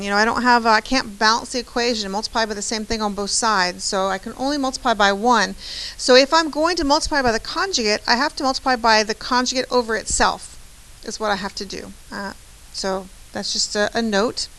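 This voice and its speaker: A woman's voice: fairly high pitch, a little fast, a bit bright, rough recording. A woman math teacher giving a chatty, encouraging lecture, often checking in with "right?". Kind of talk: classroom lecture.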